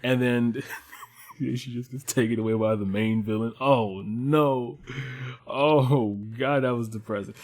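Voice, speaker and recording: A young man runs through an anime review and a personal story in a loose, chatty way. He swears often, trails off and restarts, and breaks into laughter. His voice sits at an ordinary mid-range pitch. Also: takes it slowly. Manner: profane, animated and rambling with frequent laughs. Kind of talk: casual commentary and personal storytelling.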